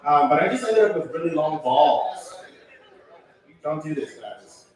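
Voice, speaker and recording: A man's voice: fairly high pitch, expressive, measured pace. A man doing a rambling, profane open mic stand-up set, full of ums and asides. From Connecticut, USA. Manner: loose rambling delivery with many ums and profanity. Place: small venue with live crowd. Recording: echoey room, far from mic, crowd noise.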